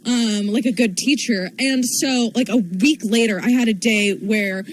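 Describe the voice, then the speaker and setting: Young female stand-up, slightly high voice, chatty and rambling. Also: a little slow, slight background noise, rough recording. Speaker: stand-up comedian. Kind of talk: stand-up storytelling.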